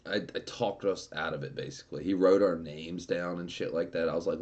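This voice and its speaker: A man's voice: deep voice, steady tone, a little fast, darkish tone, muffled recording. A man streaming, casually telling a story with lots of swearing and laughter. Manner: profane and laughing.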